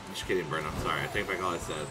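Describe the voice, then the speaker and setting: A man streaming himself playing a video game, swearing a lot and swinging from low mutters to loud outbursts at the game. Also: fairly even intonation, racing. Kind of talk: casual live gameplay commentary. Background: game music.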